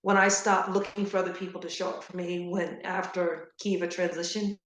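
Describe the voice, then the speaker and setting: A middle-aged woman giving an earnest, animated motivational talk to grieving parents, repeating key phrases for emphasis. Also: lowish voice, a little fast, roomy sound. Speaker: guest speaker on grief support.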